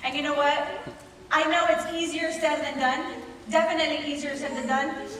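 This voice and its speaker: A woman's voice: high-pitched, fairly even intonation, normal speed, a bit bright, a little hiss or hum. A woman giving an emphatic, conversational motivational speech to an audience in a large hall, repeating key phrases. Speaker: motivational speaker at a business conference. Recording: echoey hall, voice from far off.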